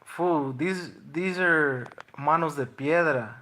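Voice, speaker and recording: A man's voice: fairly high pitch, takes it slowly, bright, forceful tone. A young man, a boxer, taunting his livestream chat in slangy, repetitive trash talk.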